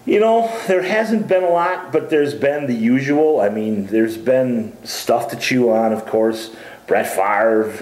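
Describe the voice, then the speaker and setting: A man's voice: medium pitch, slow, darkish tone. A man hosting a casual sports chat show, teasing his co-host with jokes. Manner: joking, teasing banter. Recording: roomy echo.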